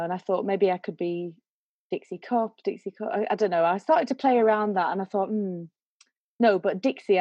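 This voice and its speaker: A woman's voice: medium pitch, mellow, no echo, highs cut off. A woman, a singer, telling a personal story in a reflective, emotional way. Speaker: guest singer. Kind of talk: conversational storytelling.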